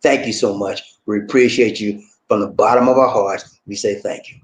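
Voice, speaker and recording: A man's voice: fairly even intonation, moderate pace. A man hosting a casual livestream, reading out viewer comments in a laid-back way, calling people "man" and "buddy" and laughing often. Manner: pitch swings widely between low asides and high exclamations. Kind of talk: casual live chat.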